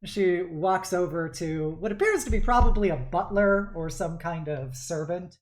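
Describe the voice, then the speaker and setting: A woman's voice: lowish voice, expressive, normal speed. A woman game master narrating a tabletop game, laughing often between scenes.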